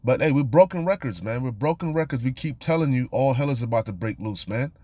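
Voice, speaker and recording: A man reads scripture and comments on it in a loose, conversational style, warning his listeners. He keeps falling back on "you know" and "man". His voice sits at a middling pitch and sounds close and dry, with no room sound. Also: animated, brisk, a little mellow, dry recording. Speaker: scripture teacher. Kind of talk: informal scripture study and warning.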